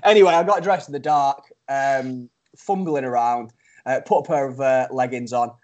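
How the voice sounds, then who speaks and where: A man's voice: medium pitch, moderate pace, darkish tone, highs cut off. A young man, telling a funny story in casual podcast chat, laughing often and mocking himself. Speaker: podcast co-host.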